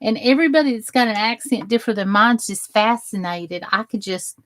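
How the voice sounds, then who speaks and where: A woman's voice: a little high, brisk, a bit bright, no room sound. A woman from New Jersey hosting a crafting livestream, chatting casually and greeting viewers by name as she works. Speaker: crafting channel host.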